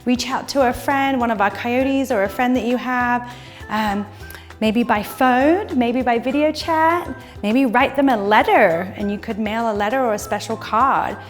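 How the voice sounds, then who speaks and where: Female preschool teacher, fairly high voice, sing-song and encouraging, faint music behind. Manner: sing-song, slow and encouraging, talks to little kids. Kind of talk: virtual circle time for young children.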